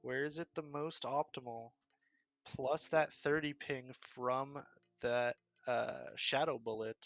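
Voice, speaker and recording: A man's voice: medium pitch, fairly even intonation, slow pace, a bit bright, no echo. A man casting an online card game tournament, breaking down plays in an upbeat, analytical way. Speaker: esports caster. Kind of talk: casual game commentary.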